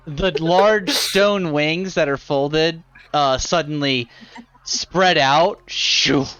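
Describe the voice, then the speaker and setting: Slow-paced man narrating as dungeon master. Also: fairly high pitch, fairly bright tone, clear, resonant tone, no room sound, dull audio. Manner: unhurried descriptive narration with fillers. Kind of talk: live tabletop game narration.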